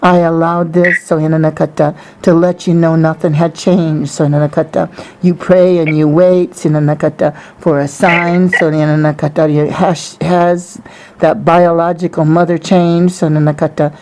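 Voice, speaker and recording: A woman's voice: sits low, little pitch movement, unhurried, a little mellow, slight background noise, voice pushed down. A woman voicing a solemn divine male figure giving prophecy, with rhythmic chanted refrains in tongues between phrases. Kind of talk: prophetic utterance.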